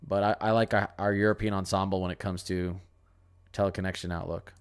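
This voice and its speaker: A man's voice: deep voice, little pitch movement, a little fast, clean tone. Rambling young man talking weather. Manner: rambling, repeats phrases, answers viewer questions. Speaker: weather channel host. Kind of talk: casual livestream weather talk.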